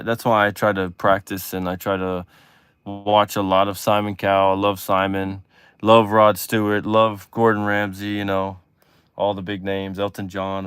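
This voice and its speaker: Easygoing Texan man with a smooth voice. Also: fairly low pitch, no echo. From Texas. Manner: rambling and easygoing, with many "you know" fillers and trailing-off asides. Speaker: host. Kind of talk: casual chat on a live stream.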